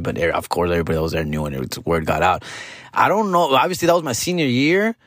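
A man's voice: fairly low pitch, lively intonation, fast, no echo, clean studio sound. A young adult man telling a casual anecdote, slangy and profane, constantly tossing in fool and dude. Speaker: storyteller.

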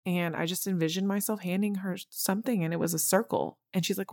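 Podcast host, woman, 30s, lowish voice, earnest and emotional storytelling, dry close recording. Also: steady tone, quick pace, creaky, hardly any pauses, a little mellow, no echo. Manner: emotional, earnest, addresses listeners as y'all. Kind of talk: personal storytelling monologue.

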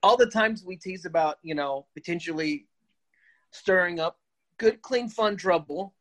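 A man's voice: sits high, unhurried, fairly bright tone. A man who serves in ministry, a guest joking and teasing in a casual chat.

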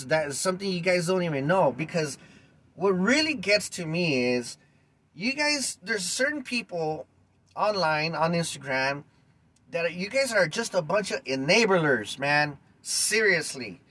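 A man with a high-pitched voice hosts a podcast and rants at his listeners. He talks bluntly and with heat, throwing in plenty of street slang. His delivery stays direct and confrontational. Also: fairly bright tone, rough recording. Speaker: podcast host. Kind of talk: ranting podcast monologue.

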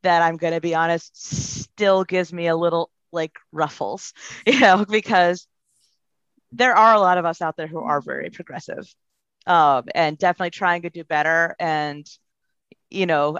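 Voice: mid-range voice, normal speed, fairly bright tone, clear, resonant tone, dry recording. A guest speaking as a professional in their field, giving earnest, thoughtful answers in a podcast interview. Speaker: guest, behavior analysis professional. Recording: dull, dry lo-fi sound.

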